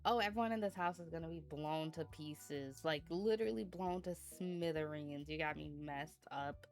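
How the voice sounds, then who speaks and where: A woman's voice: deep voice, normal speed, soft background music. A young adult woman streamer chatting casually about a sleepless night, laughing often and breaking into bursts of mock outrage, sleepy and yawning. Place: indoors at home.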